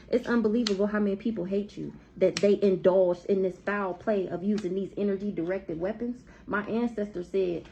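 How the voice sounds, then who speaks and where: A woman's voice: medium pitch, vocal fry, dark tone, lo-fi sound. A woman with giving a blunt, profane, heated tarot reading to camera in a casual monologue. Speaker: tarot reader.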